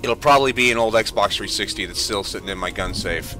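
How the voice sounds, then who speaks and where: A man's voice: on the low side, fairly quick, sharp tone, faint music behind. A man giving gameplay commentary as a streamer, ranting in exasperation and swearing freely. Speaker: gaming streamer.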